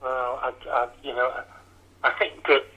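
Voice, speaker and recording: A man's voice: mid-range voice, little pitch movement, a little slow, sharp tone. Hesitant man on a tinny phone line. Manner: hesitant, stammering. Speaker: phone call recipient.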